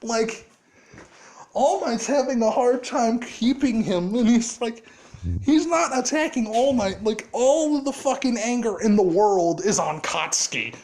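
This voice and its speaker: Give me a slow, animated storyteller rambling with fillers, profanity and laughter. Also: medium pitch. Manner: rambling, heavy swearing, frequent laughter and filler words. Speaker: fan storyteller. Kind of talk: casual storytelling of a fan scenario.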